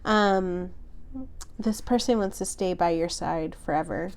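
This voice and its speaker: Slow, gentle tarot reader woman. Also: lowish voice. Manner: gentle, emotional, rambling with many fillers. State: losing her voice a little. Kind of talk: pick-a-card tarot reading.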